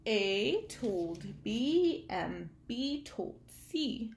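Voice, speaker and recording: A woman reads a children's picture book aloud at a very slow pace. Her fairly high voice rises and falls in a lively singsong as she asks the little listeners questions. The room around her rings with echo. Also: slight background noise. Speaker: teacher reading aloud to children. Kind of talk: storybook read-aloud for young children.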